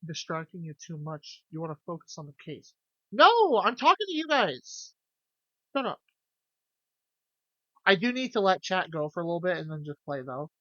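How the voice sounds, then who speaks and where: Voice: medium pitch, brisk, fairly bright tone, dry recording, muffled recording. A streamer chatting casually with viewers, jokey and loose, swearing freely. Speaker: game streamer.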